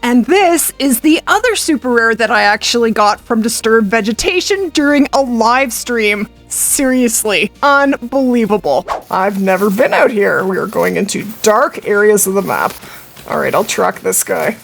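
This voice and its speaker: A woman gaming YouTuber touring her hunting game trophies, chatty and excitable, laughing often over rare finds. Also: on the high side, moderate pace, vocal fry, soft background music. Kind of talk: trophy tour commentary with clips of past live streams.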